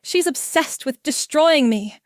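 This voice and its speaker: A woman's voice: sits high, animated, measured pace, no echo, studio quality, pitched above the performer's own voice. A woman voicing a scheming young female office rival who pleads and protests in a storybook reading. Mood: defensive. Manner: pleading then defensive.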